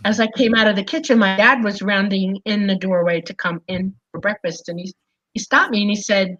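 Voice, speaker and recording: Animated woman telling a story. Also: medium pitch, a little fast, muffled recording. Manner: animated, lots of fillers and "okay?". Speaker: guest recounting an experience. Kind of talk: casual storytelling.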